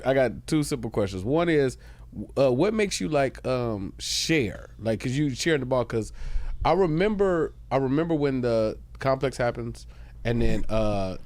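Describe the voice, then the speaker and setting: A man's voice: medium pitch, no room sound. A man co-hosting a comedy podcast, chatting casually and asking a guest questions. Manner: lively, chatty reactions and quick questions. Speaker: podcast co-host. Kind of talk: casual chat. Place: podcast studio.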